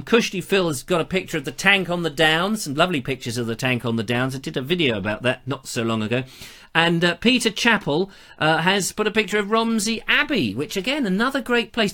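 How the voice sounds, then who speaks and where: A man's voice: on the high side, bright, forceful tone. A man from England hosting a live online show in a chatty, digressive and playful way, with plenty of fillers. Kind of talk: rambling live-show chat.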